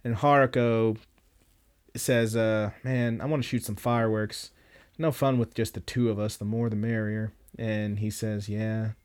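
A man's voice: lowish voice, flat delivery, unhurried, a little mellow, smooth. Guy on a podcast going through an anime ep, swears a lot, rambly. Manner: loose and profane, many fillers. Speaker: podcast host. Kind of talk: casual recap of an anime episode.

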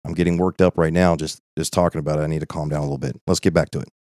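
A man with a very low voice teaches scripture in an earnest, conversational way. He drives points home and keeps checking in with his listeners. The sound is close and dry. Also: steady tone, racing, darkish tone, no room sound. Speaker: Bible teacher. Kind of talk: informal Bible study.

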